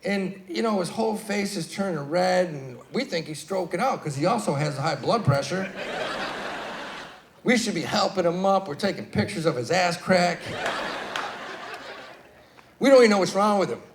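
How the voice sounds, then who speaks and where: A man doing a stand-up set, telling stories with swearing and sudden loud bursts. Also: high voice, lively intonation, moderate pace, pauses often, crowd noise. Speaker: stand-up comedian. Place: live comedy stage.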